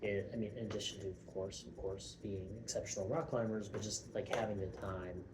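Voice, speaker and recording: A man's voice: fairly low pitch, fairly even intonation, a little fast, noisy background. A young man, very tired, talking through a rambling, self-mocking and profane casual vlog at home. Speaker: vlogger.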